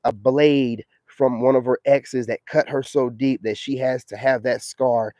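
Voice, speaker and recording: A man's voice: mid-range voice, steady tone, a little slow, darkish tone, no room sound. A man hosting a live stream, talking in a slangy, preachy, emphatic way in a casual monologue.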